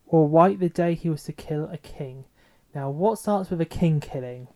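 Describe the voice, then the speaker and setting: A man with a warm, mellow voice co-hosts a podcast in casual chat. He is enthusiastic and likes to tease. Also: fairly high pitch, moderate pace. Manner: enthusiastic and teasing. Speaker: podcast co-host.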